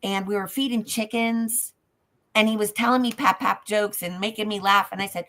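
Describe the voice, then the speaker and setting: A woman telling a personal dream story in a casual chat, halting and emotional, dropping softer at times. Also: medium pitch, fairly even intonation.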